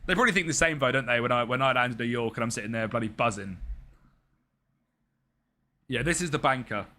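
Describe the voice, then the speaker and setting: A man's voice: mid-range voice, lively intonation, a little fast, sharp tone. A young man chatting casually on a live stream, rambling and answering viewers by name as he plays. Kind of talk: casual live-stream chat while gaming.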